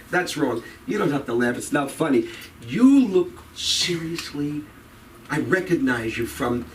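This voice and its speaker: A man's voice: on the high side, distant mic, a little hiss or hum. A man doing crowd-work stand-up on a club stage, rambling and profane as he teases people in the audience. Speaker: stand-up comedian.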